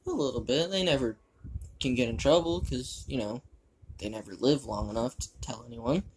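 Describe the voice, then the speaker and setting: A man's voice: mid-range voice, moderate pace, a little mellow, a little hiss or hum, lightly acted. A man voicing a crude, boastful male spider demon in a fan fiction monologue, rambling and gleeful about violence, with a shifting put-on British-style accent.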